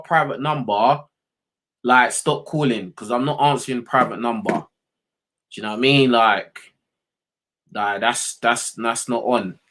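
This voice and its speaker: A young man hosting a livestream, ranting bluntly and with lots of swearing at his chat, and he keeps asking "you know what I mean". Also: mid-range voice. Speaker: livestream host. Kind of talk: unscripted rant to livestream chat.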